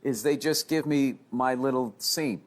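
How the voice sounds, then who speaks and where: A man's voice: mid-range voice, a little slow. A man chatting as a talk show guest, friendly and self-deprecating.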